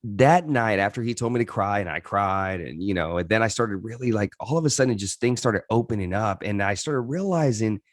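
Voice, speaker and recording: A man's voice: on the low side, animated, a little fast, few pauses, dry recording, studio quality. A man in his thirties, a podcast guest, telling his life story in an earnest, reflective way with frequent restarts. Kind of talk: candid interview storytelling.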